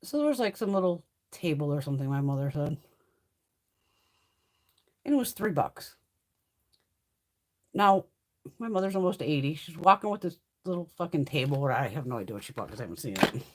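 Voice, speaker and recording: A middle-aged woman chats through a makeup livestream in a loose, blunt way, dropping curse words and calling out viewers by name. Her pitch rises and falls a great deal as she talks. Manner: chatty, blunt, swears freely; answers viewers' comments by name. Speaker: beauty livestream host. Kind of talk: casual livestream chat.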